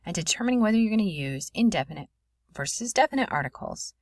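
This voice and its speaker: A woman teaching a French grammar lesson in a clear, explanatory voice. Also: medium pitch, expressive, quick pace, darkish tone, dry recording, studio quality. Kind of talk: recorded classroom lesson.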